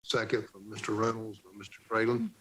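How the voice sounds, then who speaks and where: A man serving as mayor, chairing a council meeting in a brisk, procedural way. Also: lowish voice, level tone, fairly bright tone, husky, low-quality recording. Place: city council chamber.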